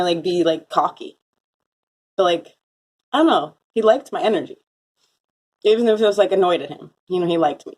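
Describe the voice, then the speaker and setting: A young woman telling a rambling story in a casual vlog, full of "like" fillers and quick laughing asides. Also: mid-range voice, a little mellow. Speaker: vlogger. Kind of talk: casual chat, recounting a dream. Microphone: phone.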